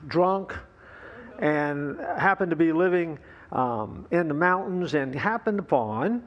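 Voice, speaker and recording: A man's voice: a little high, lo-fi sound. A male pastor preaching a sermon, opening with a folksy joke, with fillers and easy asides.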